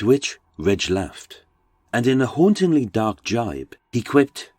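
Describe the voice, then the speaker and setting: A man's voice: mid-range voice, big pitch swings, slow pace, darkish tone. A man with a British accent, narrating a true-crime podcast in a dramatic, darkly wry storytelling manner. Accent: British English.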